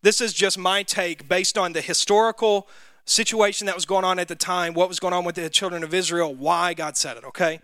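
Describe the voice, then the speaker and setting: A Southern man leads a Bible study in a bright, fairly high voice, throwing questions out to the group in a relaxed, conversational way. The sound is close and dry, with no room echo. He talks plainly and is quick to admit when he might be wrong. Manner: conversational, quizzes the group, self-deprecating. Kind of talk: interactive Bible class teaching.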